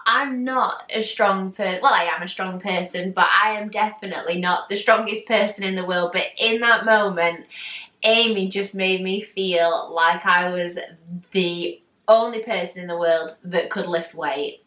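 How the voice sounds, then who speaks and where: A woman telling a story to camera in a casual, animated way, acting out what people said. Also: mid-range voice. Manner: animated, chatty, acts out quotes. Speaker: vlogger. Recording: echoey room, mic at a distance.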